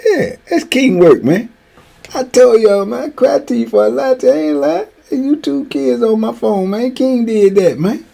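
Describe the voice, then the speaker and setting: A middle-aged man hosting a streamed show, telling lively stories in a casual way, laughing often and tagging lines with "man.". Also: very high-pitched, measured pace, vocal fry. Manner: animated, laughs often, repeats "man" a lot. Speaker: show host. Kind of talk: casual storytelling chat. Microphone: streaming mic.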